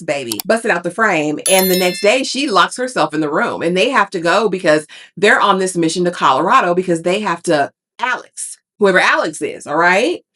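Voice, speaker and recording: Sassy woman recapping a TV show. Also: on the low side. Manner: sassy, animated, calls listeners honey and baby. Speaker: TV recap vlogger. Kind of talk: casual TV recap commentary.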